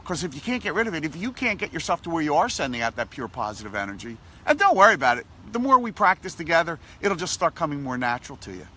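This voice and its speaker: Animated, bright-voiced motivational man. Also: a little high, fast, hardly any pauses. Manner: animated, repetitive, coaching tone. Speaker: motivational vlogger. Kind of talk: casual motivational talk.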